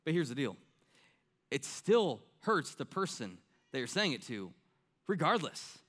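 A man's voice: on the high side, sing-song, unhurried, a bit bright. A man preaching a casual sermon, telling a childhood story and acting out quoted voices with animation.

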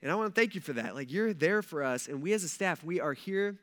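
A man's voice: fairly high pitch, expressive, fast talker, a bit bright. A man in his thirties, a pastor preaching a casual sermon in a church, joking and using slang. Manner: chatty and joking, slangy asides.

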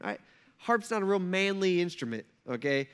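A male pastor preaching a sermon in an animated, joking storytelling manner, with asides to the congregation. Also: high-pitched, brisk, clean tone.

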